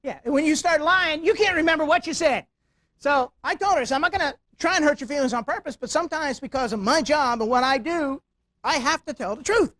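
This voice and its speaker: A middle-aged man giving a security awareness talk with humor to a live audience, animated, telling stories and tossing rhetorical questions at the crowd. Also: very high-pitched, fairly quick, dry recording. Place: meeting room before live audience.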